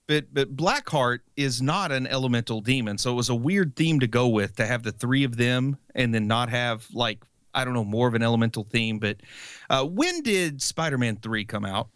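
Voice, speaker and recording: A man's voice: mid-range voice, lively intonation, normal speed, a bit bright, clear, resonant tone, dry recording. A man with a mid-range voice that rises and falls a lot, co-hosting a movie podcast. He talks in an easygoing, rambling way, laughs often, and sounds dry and close to the mic. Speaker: podcast co-host. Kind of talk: casual movie review chat.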